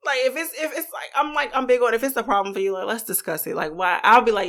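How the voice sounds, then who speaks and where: A woman co-hosting a casual podcast who talks quickly and frankly. Her voice has a bright, tense edge with plenty of gravelly fry. She acts out old arguments by quoting what each person said. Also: on the high side. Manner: candid, reenacts arguments in quoted dialogue. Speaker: podcast co-host. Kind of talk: casual chat.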